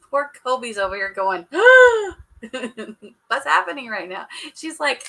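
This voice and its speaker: A woman's voice: high voice, sing-song, slow pace, gravelly, sharp tone, low-quality recording. A woman hosting a casual live chat, sassy and joking, laughing often as she talks to her viewers. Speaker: livestream host recapping a reality show.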